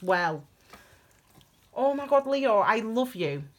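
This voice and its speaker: A woman's voice: fairly high pitch, very animated, slow pace, pauses often. A woman giving a chatty, gushing tarot reading to her viewers, calling them her darlings. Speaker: tarot reader. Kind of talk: casual tarot reading to camera.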